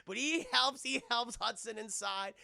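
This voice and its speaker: Male streamer reviewing cartoons, rambling and profane, high gravelly voice. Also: measured pace, sharp tone, no room sound, clean studio sound. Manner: rambling, profane, keeps addressing chat. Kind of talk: casual live-stream recap.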